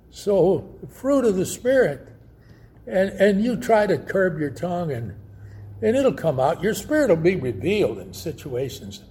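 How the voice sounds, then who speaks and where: Male preacher, high mellow voice, slow storytelling sermon. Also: big pitch swings.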